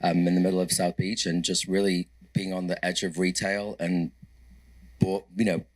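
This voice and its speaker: A man's voice: low-pitched, little pitch movement, moderate pace, no echo, poor audio. A man of about fifty introducing himself on a design panel, rambling a little as he talks. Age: 50s. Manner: rambling, hesitant with fillers. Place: conference panel room.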